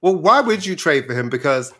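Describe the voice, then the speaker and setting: A man co-hosting a podcast, chatting casually and ranting in a campy, animated way. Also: on the high side, fairly quick. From New York. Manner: animated, campy, rants about sports. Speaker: podcast co-host. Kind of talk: casual chat.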